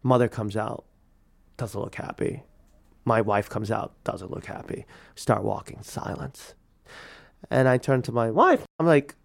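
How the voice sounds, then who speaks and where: A man in his thirties telling a personal story, animated and acting out the people he quotes. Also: mid-range voice, measured pace, gravelly, pauses often. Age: 30s. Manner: animated, acts out quoted voices. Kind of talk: personal story told to a radio audience.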